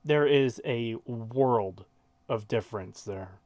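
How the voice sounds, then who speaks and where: A man's voice: medium pitch, slow pace, a little mellow, no room sound. A man hosting a reaction stream, ranting in a heated, profane way. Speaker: stream host.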